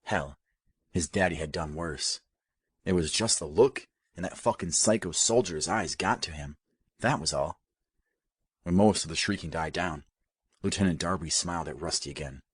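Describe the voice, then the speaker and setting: A man narrating an audiobook in a steady, even storytelling manner. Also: deep voice, moderate pace, breathy edge, dry recording, studio quality. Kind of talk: scripted narration.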